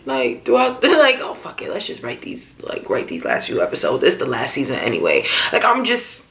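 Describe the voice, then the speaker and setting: A young woman, casually recapping a TV drama episode, swearing freely and acting out the characters' lines. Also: on the low side. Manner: animated, swearing, acts out quotes. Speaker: TV recap vlogger.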